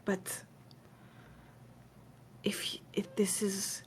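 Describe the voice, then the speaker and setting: A woman game master voicing a frightened, tearful young woman in whispered role-play, her delivery soft and shaky. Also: medium pitch, completely flat delivery, very slow. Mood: fearful.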